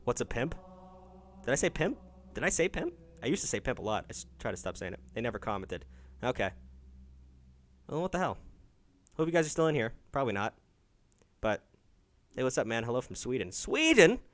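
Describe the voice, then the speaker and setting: A man's voice: medium pitch, expressive, brisk, pauses often. A man hosting a call-in dating stream, chatting casually, thanking viewers and swearing offhand. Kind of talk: casual live-stream chat.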